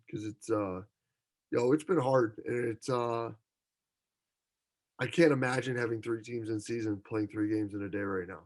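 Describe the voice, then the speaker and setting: A man hosting a podcast, upbeat and slangy, calling his guest "dude" and sounding enthusiastic. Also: mid-range voice. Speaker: podcast host. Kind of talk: casual podcast interview.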